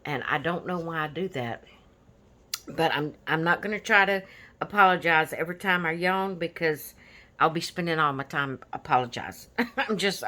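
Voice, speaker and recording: Fairly low in pitch yet pushed and bright, this woman's voice carries her coloring channel. She rambles casually and easygoingly about pages she has completed, using many fillers.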